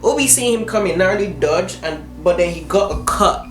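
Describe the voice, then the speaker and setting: A man's voice: sits high, fairly quick. Casual male storyteller over music. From Nigeria. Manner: casual, animated, lots of slang and fillers. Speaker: vlogger. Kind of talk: storytime vlog. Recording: roomy with background music.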